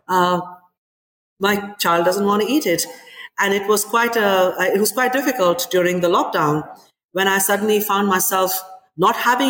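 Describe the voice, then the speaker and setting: A woman in her forties, a chef and restaurant owner, talking in an interview in an animated storytelling way with many "you know"s. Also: mid-range voice. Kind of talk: interview conversation. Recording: echoey room with long reverb.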